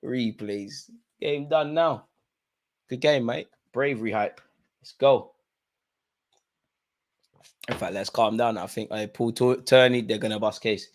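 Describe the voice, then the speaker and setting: Man, football watch-along host, slangy casual chat, sudden shouting. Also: medium pitch, a little slow, pauses often. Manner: London slang, bursts into shouting at chances and goals. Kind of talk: live match watch-along commentary.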